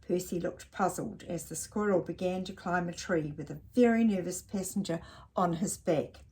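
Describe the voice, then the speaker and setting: A woman reading a picture book aloud to children in a gentle voice, pausing to ask the listener questions. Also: lowish voice, husky. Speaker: storyteller.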